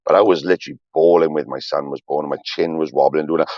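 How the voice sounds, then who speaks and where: A man's voice: rumbling low, steady tone, quick pace, hardly any pauses, dry recording, dull audio. A man in his forties, a streamer, rambling on a livestream in a profane, emotional, confessional way.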